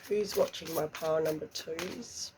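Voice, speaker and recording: A woman giving a slow, hushed tarot reading, emotional and often close to a whisper. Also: deep voice, noisy background. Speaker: tarot reader.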